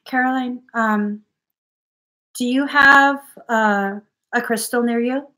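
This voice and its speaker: Giggly, slow-talking young woman. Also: fairly high pitch, fairly even intonation, pushed and bright. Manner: giggly and playful, swears casually. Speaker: spiritual energy reader. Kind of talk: casual livestream chat.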